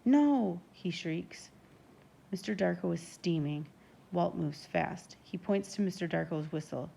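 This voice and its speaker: A woman narrating a first-person novel in a steady, even storytelling manner. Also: on the low side, normal speed, creaky, a little hiss or hum. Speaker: audiobook narrator.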